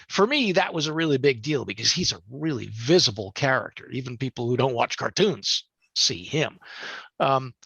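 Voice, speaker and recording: A professional voice actor explaining auditions in an animated, halting way. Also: mid-range voice, vocal fry, husky, dry recording, dull audio. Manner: animated, halting, with many restarts. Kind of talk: casual interview recollection.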